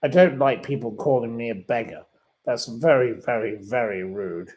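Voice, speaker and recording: A man's voice: mid-range voice, moderate pace, a little mellow, rough recording. A man hosting a casual livestream, reading out viewer comments in an indignant, repetitive manner. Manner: indignant and plummy, repeats himself. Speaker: livestream host. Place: sitting room.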